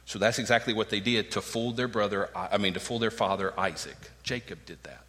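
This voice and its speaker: A man's voice: on the low side, brisk, few pauses, pushed and bright, big-room sound. A man preaching a sermon, emphatic and earnest, acting out the words of the people in his text. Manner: emphatic preaching, acts out quoted lines. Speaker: pastor.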